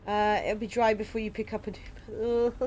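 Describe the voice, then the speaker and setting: A woman's voice: mid-range voice, warm tone. A woman streaming a game playthrough, reading its text aloud and chatting casually, swearing now and then.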